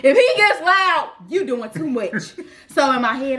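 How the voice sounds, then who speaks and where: A woman in her twenties telling a casual storytime, animated and talking straight to viewers. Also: high-pitched, a little slow. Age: 20s. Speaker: vlogger.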